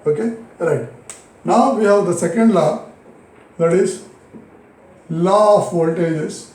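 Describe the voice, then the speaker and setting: Indian english guy teaching physics, pretty high voice, repeats stuff slow, echoey room. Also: a little mellow. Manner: repeats key phrases slowly, asks and answers own questions. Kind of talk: recorded classroom lesson.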